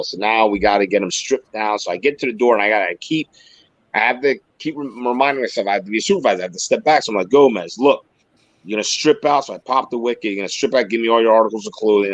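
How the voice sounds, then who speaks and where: A man's voice: fairly low pitch, no room sound, poor audio. A man co-hosting a podcast, telling a jail story in casual, profane chat and acting out what people said. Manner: animated, profane, acts out quoted voices. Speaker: podcast co-host, former corrections supervisor.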